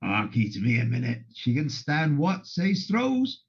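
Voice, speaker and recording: A man's voice: mid-range voice, huge pitch swings, measured pace, breathy edge, lo-fi sound, heavily acted. A man playing Richard, an 1850s Cornish sea captain, in a Cornish accent, rousing and persuasive.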